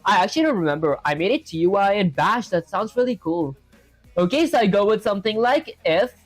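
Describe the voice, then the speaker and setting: A man's voice: high-pitched, animated, brisk, no echo, soft background music. Young man thinking aloud while coding. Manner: thinks aloud, reads chat to viewers. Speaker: livestreaming programmer. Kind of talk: casual live coding chat.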